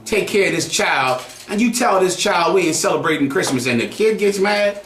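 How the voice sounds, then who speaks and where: A man's voice: sits high, lively intonation, moderate pace, fairly bright tone, echoey room. A man preaching to a group in a heated, mocking way, swearing freely. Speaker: group teacher. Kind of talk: street preaching.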